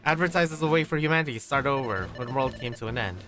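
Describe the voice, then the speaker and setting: A man reading the lines of a polite, glitchy robotic vault management system in a formal, measured way. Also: medium pitch, animated, bright, forceful tone, faint music behind.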